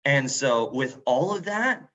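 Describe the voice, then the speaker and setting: Speaking slowly in a mid-range, slightly bright voice, a very animated man answers questions as a museum role-player on a video call. The casual Q&A is full of fillers and restarts, delivered in a put-on northern English accent over dull lo-fi audio.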